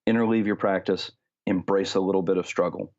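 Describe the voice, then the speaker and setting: A man presenting a podcast segment on practice and movement, explaining in a measured way with frequent fillers. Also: deep voice, steady tone, a little mellow, dull audio. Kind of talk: instructional talk.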